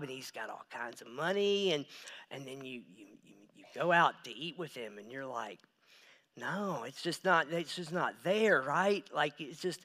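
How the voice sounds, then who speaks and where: A man in his thirties delivers a sermon from a church stage, his voice bright and a little higher than most men's. He drops into hushed, confiding asides, then climbs into loud, emphatic stretches. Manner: swings between hushed asides and loud emphatic build-ups. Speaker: pastor.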